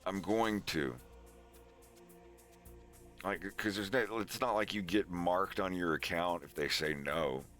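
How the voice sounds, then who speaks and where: Male streamer, low voice with a bright edge, rambling and chatty. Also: slow pace, pauses often, soft background music. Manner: loose, profane, chatty advice-giving. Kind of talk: casual rambling stream chat.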